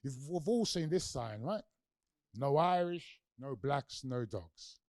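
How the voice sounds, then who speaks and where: A man's voice: mid-range voice, slow pace, dry recording, studio quality. A middle-aged man with a London accent giving a public lecture, telling stories with energy, acting out quoted voices and putting questions to the audience. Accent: London English. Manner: animated storyteller, acts out quoted voices, asks the audience questions. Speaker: guest lecturer.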